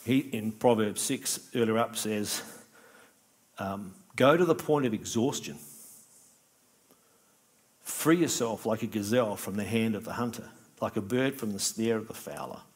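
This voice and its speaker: Brief: middle-aged male pastor, chatty sermon delivery, animated with acted-out exchanges. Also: fairly low pitch, measured pace, long pauses. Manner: animated, acts out little dialogues, conversational preaching.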